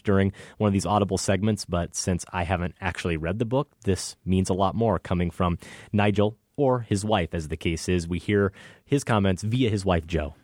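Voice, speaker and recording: Deep-voiced wry male podcast co-host. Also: a little mellow, no echo, clean studio sound. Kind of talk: casual film talk and ad reads.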